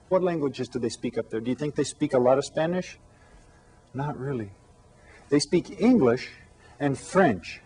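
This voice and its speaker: A man teaching an elementary Spanish lesson to children, with slow, clear, patient speech that switches between English and Spanish. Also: mid-range voice, a little mellow.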